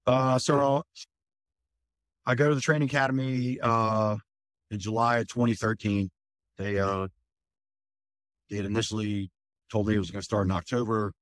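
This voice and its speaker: A firefighter, telling a candid, rambling personal story in an interview, full of fillers and swearing. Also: male voice, lowish voice, fairly even intonation, moderate pace, long pauses, dry recording.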